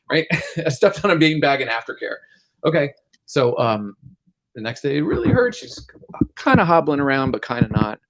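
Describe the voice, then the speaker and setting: A man's voice: fairly high pitch, sing-song, normal speed, a bit bright, slight background noise. Middle-aged male doctor, podcast co-host, loose storyteller who keeps laughing. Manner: laughs often while telling stories. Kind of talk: casual podcast chat.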